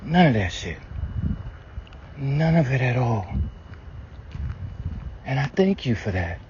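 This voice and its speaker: A man praying aloud to his ancestors, telling stories bluntly and candidly with constant swearing and sudden rises in pitch and loudness. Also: takes it slowly, a little hiss or hum. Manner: blunt, heavy swearing, storytelling; animated shifts in pitch and loudness. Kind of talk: candid spoken prayer to ancestors. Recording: dull lo-fi sound with faint ambience.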